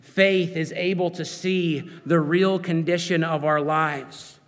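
A man's voice: fairly high pitch, fairly even intonation, slow pace, in a large hall. A man preaching a sermon, earnest and searching, putting questions to his listeners.

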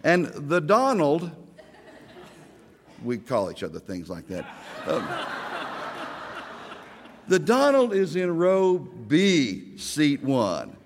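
A man's voice: fairly high pitch, wildly swooping pitch, takes it slowly, pauses often, big-room sound, slight background noise. A middle-aged man from Oklahoma, a pastor giving a sermon, telling stories with self-deprecating humor.

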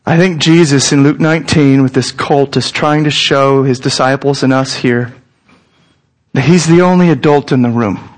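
A man's voice: medium pitch, normal speed. A man in his thirties, a pastor, preaching a sermon in an earnest, conversational way that speaks straight to his listeners.

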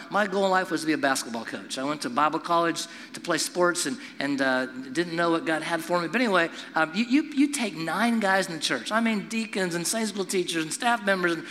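A middle-aged man preaching a sermon to a congregation, telling stories and acting out voices in an animated way. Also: high-pitched, in a large hall. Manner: animated storytelling with acted-out voices. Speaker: pastor.

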